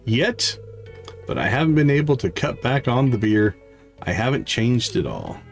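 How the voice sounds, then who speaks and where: With faint game music behind him, a man reads game dialogue for a weary middle-aged woman who drinks too much and senses something missing. He keeps his own plain voice: mid-range, gravelly, at normal speed with big pitch swings, and the mood is wistful.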